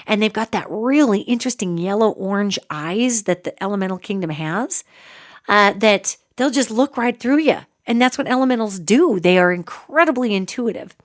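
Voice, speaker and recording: A middle-aged woman hosting a radio show, telling a family story in a lively, animated way with emphatic asides. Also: medium pitch. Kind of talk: storytelling monologue.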